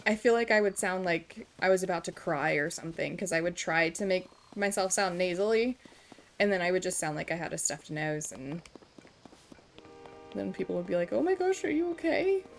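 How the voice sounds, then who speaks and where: A woman's voice: lowish voice, moderate pace, soft background music. Chatty American woman streaming. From Kansas, USA. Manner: chatty, self-deprecating, giggly asides. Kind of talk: casual live-stream chat.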